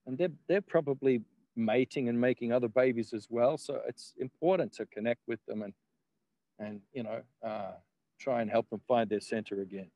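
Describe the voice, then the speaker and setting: A man talking as a guest in a loose, rambling way, peppered with laughs and swearing. His voice sits at an ordinary middle pitch. The sound is dry and close. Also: mellow, dry recording, poor audio. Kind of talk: casual conversation.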